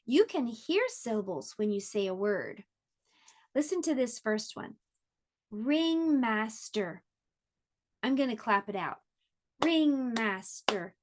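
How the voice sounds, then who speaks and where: Female pre-K teacher, online lesson; unhurried, encouraging, clear sounding-out of words, slightly high voice. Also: very animated.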